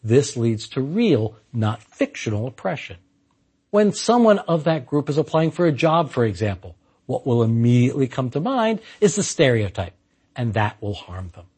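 A man's voice: medium pitch, big pitch swings, moderate pace, darkish tone, breathy edge. A man giving a scripted philosophy lecture in an emphatic way with dry humor.

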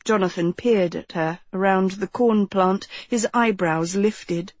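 Woman reading an audiobook, slow, kinda breathy, super dry close mic. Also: mid-range voice, no echo. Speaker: audiobook narrator. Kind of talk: scripted narration.

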